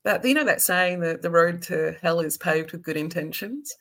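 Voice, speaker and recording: A woman's voice: on the low side, expressive, moderate pace. A woman hosting a casual interview chat, prompting with questions and laughing often. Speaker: podcast host.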